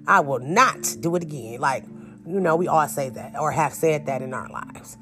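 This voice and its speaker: Young woman, animated and slangy storytelling. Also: deep voice, moderate pace. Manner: animated, acts out quotes, slangy. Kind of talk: casual storytelling.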